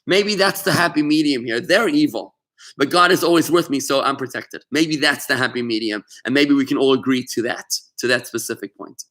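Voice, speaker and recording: A man's voice: mid-range voice, brisk, fairly bright tone. A man teaching a Torah lesson to students in an online class, speaking with passion and emphasis, often calling on students by name.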